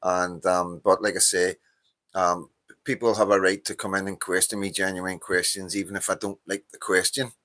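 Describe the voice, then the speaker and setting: Deep-voiced tired Northern Irish man. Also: level tone, moderate pace, a bit bright. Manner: rambling, frequent fillers, greets viewers by name. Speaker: livestream host. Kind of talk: casual live-stream chat.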